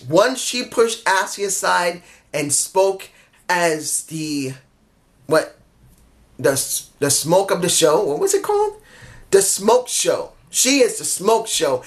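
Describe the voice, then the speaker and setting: A man giving a casual solo review of a wrestling show, rambling and excitable, often losing track of names. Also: high voice.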